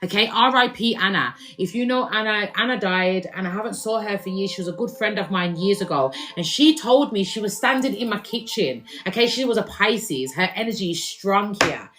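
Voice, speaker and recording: A woman's voice: medium pitch, animated, moderate pace, few pauses. A woman, giving a casual tarot reading to her viewers in a chatty, slangy way, constantly checking in with the listeners. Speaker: tarot reader.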